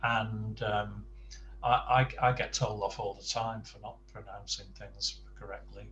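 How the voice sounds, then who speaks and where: A man teaching Spanish, patiently correcting pronunciation and encouraging his student, often trailing off softly. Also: lowish voice, little pitch movement, unhurried, echoey room, far from the mic, highs cut off, slight background noise. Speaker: Spanish tutor. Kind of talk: online language lesson, coaching pronunciation.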